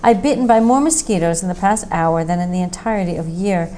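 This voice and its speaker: A woman reading a mystery short story aloud in a steady, measured narration. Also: fairly low pitch, a little hiss or hum, rough recording. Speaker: story reader.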